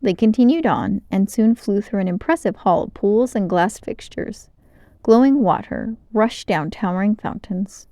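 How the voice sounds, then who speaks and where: A woman reading a children's novel aloud in a clear, expressive storytelling manner, close to the mic. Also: medium pitch, normal speed, no room sound. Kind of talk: children's book read-aloud.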